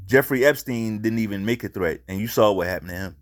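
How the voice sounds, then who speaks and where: A man's voice: fairly low pitch, fast. A man hosting a casual commentary show, speaking bluntly and profanely and repeating himself for emphasis. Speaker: commentary channel host.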